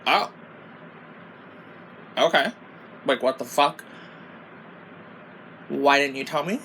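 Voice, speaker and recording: A young woman, a beauty vlogger, tells a storytime while doing her makeup, her bass voice slow and a bit bright over slight background noise. She's casual and exasperated, rambling along, swearing constantly and saying "like" a lot.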